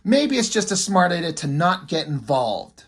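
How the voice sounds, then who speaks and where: A man reading the lines of a young woman superhero who keeps a low profile, in a casual, conversational way. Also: very animated, normal speed, husky. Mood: worried. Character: young woman superhero hiding her identity.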